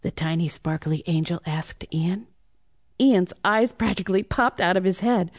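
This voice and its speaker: A woman reading a children's Christmas bedtime story, animated with hushed, whispery asides. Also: lowish voice, moderate pace, dry recording, studio quality.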